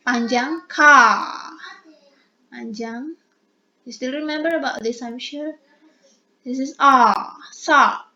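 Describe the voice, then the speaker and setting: A woman lecturer with an Indonesian accent talks through her slides slowly and patiently, switching between English and Indonesian. Her voice sits a little high. The recording is dull and lo-fi. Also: bright, forceful tone. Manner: mixes English and Indonesian, slow and explanatory. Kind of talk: online lecture.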